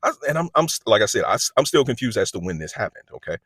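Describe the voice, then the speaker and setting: A man's voice: on the low side, sing-song, racing, fairly bright tone, slightly rough, dry recording. A man telling a story in a casual, conversational way, often checking in with the listener. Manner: conversational, with frequent check-ins and restarts. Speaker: storyteller recounting a work incident.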